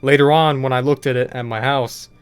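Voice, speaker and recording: A man's voice: mid-range voice, fairly even intonation, brisk, smooth, soft background music. A young man hosting a gaming channel, telling a story casually over gameplay, in a rambling way with lots of filler words.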